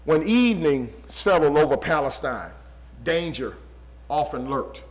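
A pastor preaching a sermon with an emphatic, repetitive cadence, often dropping low and quiet for stress. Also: male voice, animated, unhurried, poor audio.

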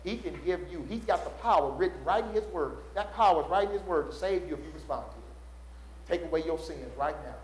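A male preacher speaks in a reverberant church. His voice sits a little high for a man, and a faint hum of the room runs under it. He swings between rising, urgent calls to the congregation and low, quiet passages. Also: animated, a little fast. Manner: call-and-response preaching, rising loud then dropping low. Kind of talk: sermon. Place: church sanctuary. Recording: roomy church echo.

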